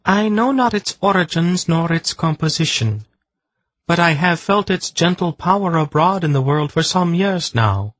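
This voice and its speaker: A man's voice: fairly high pitch, animated, a bit bright, no echo, pitched above the performer's own voice. Man doing a solemn, ringing blindfolded seer woman. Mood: earnest. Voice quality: clear ringing voice. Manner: slow, formal old-fashioned phrasing. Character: blindfolded female seer, solemn, archaic speech.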